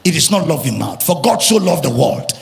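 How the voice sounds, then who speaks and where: A male pastor with a Nigerian accent preaching an impassioned sermon, shouting and chanting at the peaks. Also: on the high side, sing-song, brisk, gravelly. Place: church hall. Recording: music and long reverb of a big hall.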